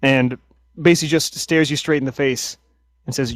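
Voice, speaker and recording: A man's voice: mid-range voice, fairly even intonation, moderate pace, dry recording. Hesitant man narrating as game master. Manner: hesitant, with many restarts.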